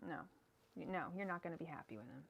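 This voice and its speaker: A young adult woman does a casual tarot reading on a live stream, murmuring repeated card invocations and launching into heated rants. Her low voice is fast, gravelly and husky with lively intonation, and she swears and calls her viewers "girl."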